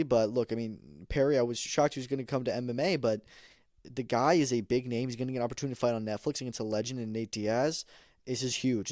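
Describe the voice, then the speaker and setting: A man's voice: mid-range voice, a little mellow, dry recording, studio quality. A man hosting a podcast, giving casual, opinionated combat sports commentary with emphatic repeats and plenty of fillers. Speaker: podcast host.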